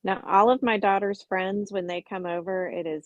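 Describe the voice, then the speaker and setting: Deep-voiced calm woman, dull recording. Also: a little slow, dry recording. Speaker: podcast co-host. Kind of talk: casual chat. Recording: dull dry sound.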